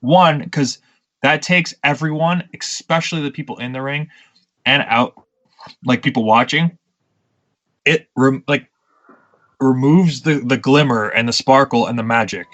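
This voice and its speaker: A man's voice: mid-range voice, measured pace, pauses often, fairly bright tone, highs cut off. A man, a pro wrestler, talking in casual podcast chat, blunt and profane, telling stories with irritation. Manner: blunt, profane, ranting storyteller.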